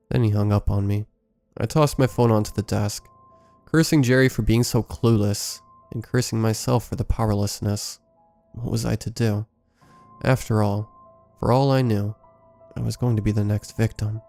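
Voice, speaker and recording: A man reading a first-person scary story aloud in a measured, scripted storytelling delivery. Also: fairly low pitch, steady tone, creaky, mellow, faint music behind. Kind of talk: scripted horror story narration.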